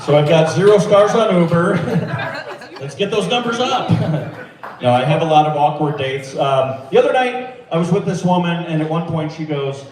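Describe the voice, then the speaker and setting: A man doing a stand-up set with a deadpan, self-deprecating delivery in a small club. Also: fairly high pitch, normal speed, recorded from a distance. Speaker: stand-up comedian. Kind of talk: open-mic stand-up set. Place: small comedy club or bar. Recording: echoey club mic, crowd laughter, from afar.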